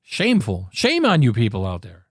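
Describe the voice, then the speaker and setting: A man's voice: high voice, sing-song, measured pace, dry recording, studio quality. A man hosting a political talk show, ranting with angry, sarcastic emphasis and frequent swearing.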